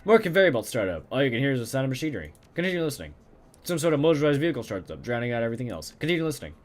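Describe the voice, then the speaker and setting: A man's voice: medium pitch, very animated, rapid-fire. Man reading game text aloud. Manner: reads narration steadily, mutters casual comments. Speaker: let's play gamer.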